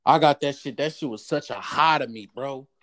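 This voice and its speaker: A young man in casual chat telling a story in an animated, profane way. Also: moderate pace. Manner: animated, profane storytelling with raised-pitch quotes.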